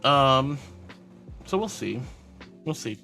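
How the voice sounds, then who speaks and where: A man's voice: mid-range voice, lively intonation, slow pace, gravelly, sharp tone, faint music behind. A man streaming live and reading out chat, bubbly and affectionate, calling viewers sweetie.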